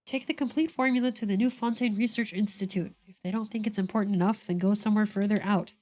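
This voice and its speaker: A woman's voice: medium pitch, fast, darkish tone, natural voice. A woman voicing an earnest, remorseful young man who is an older brother, reading the lines aloud in her own voice.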